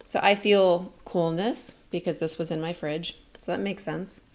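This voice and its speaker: Lower-voiced woman coach, calm and clear, walking you through a lesson. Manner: calm, explains slowly and clearly, demonstrates statements. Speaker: communication coach. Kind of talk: teaching a video lesson.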